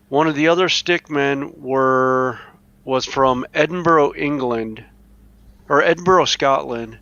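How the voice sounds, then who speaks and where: This is a slow, unhurried Southern US man from the Carolinas who drifts through long stories, pausing on fillers and restarting his sentences. His voice sounds dry and close, with no room around it. The voice chat audio is dull and lo-fi. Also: mid-range voice, fairly bright tone, clean tone, no echo. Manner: rambling storyteller, many restarts and fillers. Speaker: chat participant. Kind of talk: casual group voice chat. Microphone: online voice chat mic.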